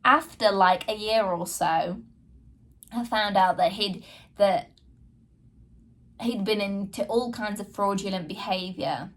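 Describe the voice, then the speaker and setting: A woman's voice: mid-range voice, slow pace, long pauses, fairly bright tone. A woman hosting a podcast, telling a personal story frankly and earnestly and addressing her listeners directly. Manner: frank and earnest, reenacting her own past dialogue. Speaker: podcast host.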